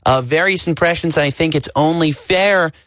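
A man's voice: on the high side, normal speed, fairly bright tone, dry recording. Talk radio guy, easygoing, laughs a lot, dry close mic. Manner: chatty, laughs easily. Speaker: radio show host. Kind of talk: casual radio chat. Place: radio studio.

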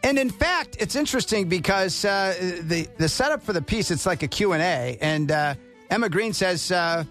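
Guy hosting morning radio, high voice, really lively, faint music under. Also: moderate pace. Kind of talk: morning radio show chat.

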